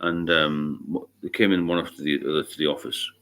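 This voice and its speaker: A man's voice: very deep voice, level tone, a little fast, a bit bright. A middle-aged man from England hosting a casual livestream chat, talking bluntly, swearing freely and wandering into anecdotes. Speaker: livestream host.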